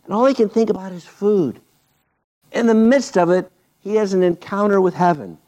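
A man preaching a sermon, telling the story playfully and swinging between loud bursts and hushed asides. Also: high voice, normal speed. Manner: animated, playful storytelling with sudden loud and quiet turns. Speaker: pastor.

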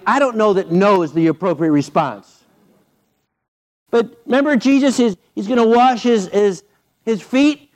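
A man preaching a sermon, telling the story playfully and swinging between loud bursts and hushed asides. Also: high-pitched. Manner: animated, playful storytelling with sudden loud and quiet turns. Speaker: pastor.

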